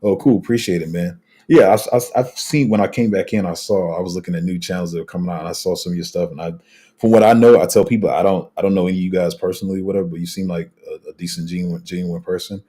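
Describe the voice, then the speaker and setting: A man's voice: sits low, quick pace, warm tone. A man hosting a casual crypto livestream, rambling through viewer comments with lots of fillers, restarts and slang.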